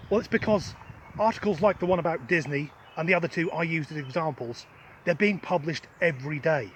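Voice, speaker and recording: Standing outdoors in the wind, this middle-aged Englishman from Norfolk rants his opinions sarcastically and with lots of cursing, his accent generic Southern English. He talks fairly quickly at a fairly high pitch, with slight background noise.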